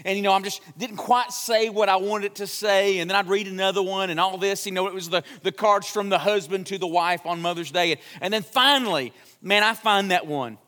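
In a church sanctuary, a young pastor delivers a sermon like a talkative, joking storyteller, his voice high and bright. He moves briskly with few pauses, and the hall's long reverb lingers after each phrase.

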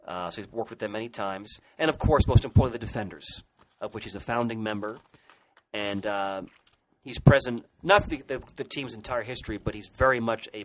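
A man with a fairly low voice co-hosts a casual podcast, enthusiastically discussing comic book history amid frequent hesitant restarts and fillers. Background noise can be heard.

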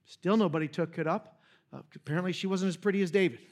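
High-voiced joking young preacher. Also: male voice, fast talker, a little mellow. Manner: casual, joking storyteller with asides to the audience. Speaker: pastor. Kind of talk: sermon.

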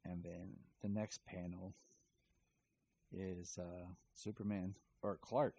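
A man's voice: sits low, level tone, slow, dark tone, slight background noise, poor audio. A man casually retelling and reviewing a comic, rambling with many fillers. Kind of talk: casual chat.

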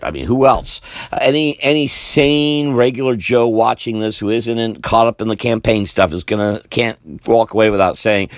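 A gravelly older man talks through a solo podcast, his pitch leaping up and dropping low as he rambles and repeats himself. His voice sounds tired and worn, and the recording is dry and close. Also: dry recording. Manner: rambling, repeats himself, sighs and laughs wearily. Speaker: podcast host. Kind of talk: solo political commentary.

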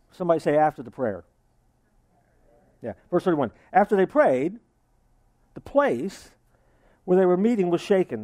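Brief: male preacher, fairly high voice, dry close recording, acts out imagined congregants. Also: a little mellow, no room sound. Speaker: pastor. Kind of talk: sermon.

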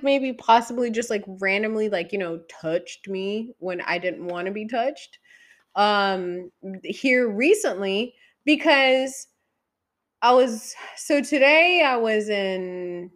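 A woman telling stories in a frank, profane, casual monologue, jumping between loud outbursts and quiet, trailing asides. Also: a little high. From San Diego area.

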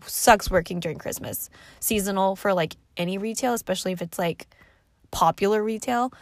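A woman's voice: mid-range voice, a little fast, dry recording. Profane, rambling woman telling stories. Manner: rambling, profane and animated, with many fillers. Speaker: vlogger. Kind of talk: casual storytelling.

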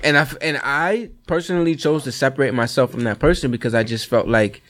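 A man's voice: medium pitch, quick pace, noisy background. A man in a casual podcast chat who speaks emphatically and argues firmly for his opinions.

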